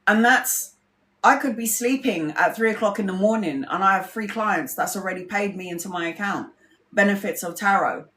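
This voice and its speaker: A woman's voice: mid-range voice, normal speed, pushed and bright, slight background noise. A woman tarot reader telling stories in a casual livestream, candid and rambling, swearing freely. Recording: roomy echo.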